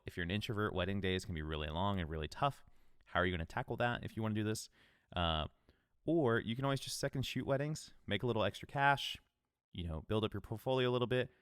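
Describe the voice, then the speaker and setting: Casual bearded podcast host, low voice. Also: male voice, fairly bright tone, smooth, no echo, clean studio sound. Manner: casual, conversational, upbeat coaching. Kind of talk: solo podcast advice talk.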